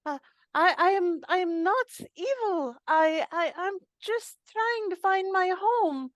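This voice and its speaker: A woman's voice: very high-pitched, expressive, slow pace, no echo, heavily acted. A woman voicing a nervous young male owl-folk sorcerer who stammers and pleads. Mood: pleading.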